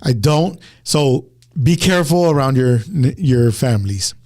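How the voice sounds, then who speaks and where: A man's voice: medium pitch, animated, measured pace, a little mellow. Rambling man telling a story. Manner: rambling, repeats words and restarts often. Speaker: podcast host. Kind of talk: casual storytelling to listeners.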